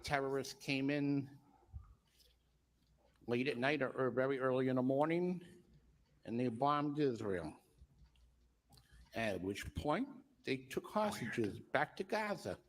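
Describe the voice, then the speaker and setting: A man giving public comment at a city council meeting, halting and earnest, with many fillers. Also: mid-range voice, animated.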